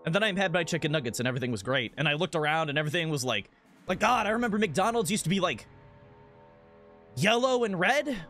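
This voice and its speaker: A man streaming a game, chatting casually in a rambling, profane, animated rant. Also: on the high side, fast, faint music behind.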